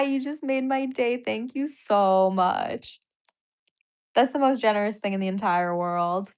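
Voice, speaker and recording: A woman comedian and podcaster chats casually on a livestream, reacting to donations in an unhurried, clean, mid-range voice. She's giddy and apologetic, gushing thanks to viewers and laughing often.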